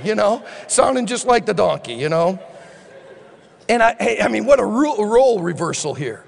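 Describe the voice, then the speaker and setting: A male preacher giving a sermon as an animated storyteller who acts out the scenes and drops to a hushed tone for appeals. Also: very high-pitched, moderate pace, creaky. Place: church hall. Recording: long hall reverb.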